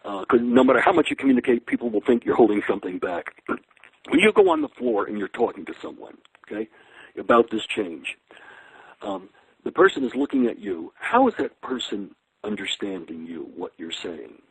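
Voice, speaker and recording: A man's voice: lowish voice, huge pitch swings, normal speed, gravelly, slightly rough, no room sound, poor audio. A man giving a webinar talk on leading change, asking the audience rhetorical questions, with many fillers and restarts. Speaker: guest speaker on leadership.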